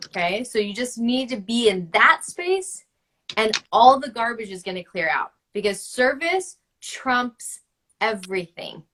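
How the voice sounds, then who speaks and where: Her voice slightly high, lively in intonation, a little slow, and pushed and bright, a book-writing coach in her thirties hosts a spiritual coaching conversation with a guest over video. She's passionate and emphatic, full of "like"s, with faint background noise.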